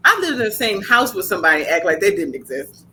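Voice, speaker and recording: A woman's voice: fairly low pitch, quick pace, slight background noise. Brassy-toned woman hosting a podcast, blunt. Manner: blunt, animated storytelling with slang. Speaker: podcast host. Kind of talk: casual podcast chat.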